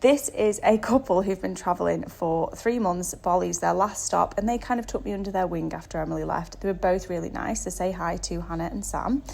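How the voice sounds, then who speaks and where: A woman's voice: lowish voice, a little fast, gravelly, hardly any pauses, darkish tone. A woman narrating her travel vlog in a chatty, self-deprecating way, with plenty of fillers. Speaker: travel vlogger.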